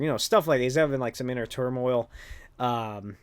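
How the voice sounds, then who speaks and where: A man's voice: mid-range voice, moderate pace, smooth, dry recording. A man hosting a podcast, recapping a comic in a rambling, casual way with lots of swearing and filler words. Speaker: podcast host.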